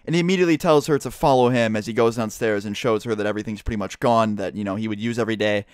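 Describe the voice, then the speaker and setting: Fast-talking young man telling a story. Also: lowish voice, clear, resonant tone, no room sound, clean studio sound. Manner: rapid, profane, rambling storytelling. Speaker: vlogger. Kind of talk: casual storytime.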